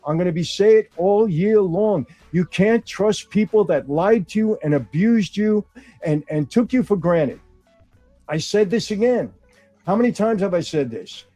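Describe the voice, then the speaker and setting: A man's voice: high-pitched, warm tone. A male political commentator speaking insistently and repeating rhetorical questions. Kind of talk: opinion commentary.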